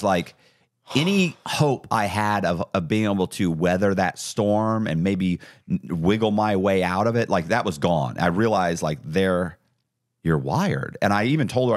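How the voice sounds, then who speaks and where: A middle-aged man telling his story as a podcast guest, animated and acting out the dialogue. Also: deep voice, moderate pace, no echo, studio quality. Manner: animated, acts out quoted dialogue. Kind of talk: casual storytelling interview.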